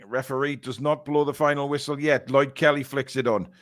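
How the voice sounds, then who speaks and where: A man commentating live on a football match as a fan and co-host, excitable and blunt, sometimes swearing. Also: mid-range voice, brisk.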